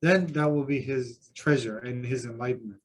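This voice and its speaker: A man's voice: mid-range voice, steady tone, normal speed, a little hiss or hum. Man telling stories in a discussion. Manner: anecdotal, self-deprecating storytelling. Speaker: Buddhist teacher. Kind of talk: group discussion. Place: seminar room with a group.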